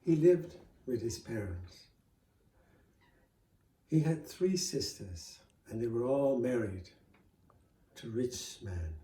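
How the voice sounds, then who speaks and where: Mellow male storyteller in a roomy space. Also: mid-range voice, animated, slow pace, long pauses. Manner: conversational, with fillers and restarts. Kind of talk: casual spoken folk-tale telling.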